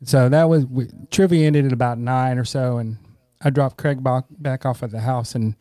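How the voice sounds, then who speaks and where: In a clean, dry studio recording, a middle-aged podcast guest speaks at a moderate pace with a mellow, steady mid-range voice. He rambles through earnest anecdotes, frequently dropping in "you know," and sounds sincere and thankful as he tells his stories.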